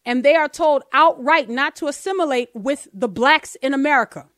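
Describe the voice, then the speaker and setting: A woman hosting a podcast, talking through political commentary in an animated, rhetorical way. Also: high voice, normal speed, no echo, studio quality. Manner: animated, rhetorical, asks listeners to bear with her. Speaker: podcast host.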